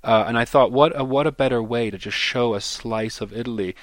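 A man's voice: medium pitch, a little fast, no room sound. A man speaking as a festival organizer in a radio interview, enthusiastic and often repeating words as he searches for them. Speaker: film festival organizer, guest.

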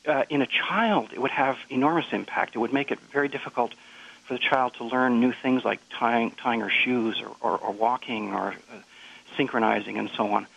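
A man being interviewed as a music researcher, explaining thoughtfully with frequent halting restarts. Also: mid-range voice, fairly even intonation, gravelly, fairly bright tone, slightly rough. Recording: dull lo-fi radio sound.

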